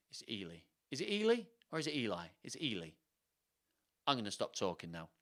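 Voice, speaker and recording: A man's voice: fairly low pitch, big pitch swings, a little fast, fairly bright tone. A man hosting a live storybook reading, breaking off into jokey asides and remarks to his chat. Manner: jokey, self-interrupting, talks to the live chat.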